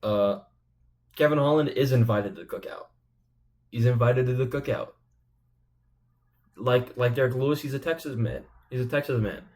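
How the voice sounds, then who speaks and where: A man's voice: medium pitch, normal speed, pauses often, darkish tone. A man giving rambling, profane, joking commentary as a channel host. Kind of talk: casual comedic commentary.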